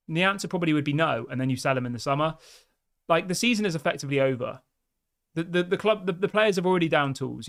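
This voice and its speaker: A man hosting a live football show in a slightly high voice. His talk is chatty and direct, and he turns to his viewers again and again to ask what they think. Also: fairly bright tone. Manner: chatty and direct, often asks viewers for opinions. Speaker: football fan channel host. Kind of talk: live-stream commentary to viewers.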